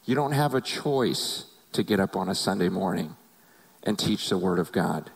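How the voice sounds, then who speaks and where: A man's voice: deep voice, animated, moderate pace, creaky, breathy edge, low-quality recording. A middle-aged male pastor giving an earnest, confessional testimony that builds to emotional intensity. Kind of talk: personal testimony sermon.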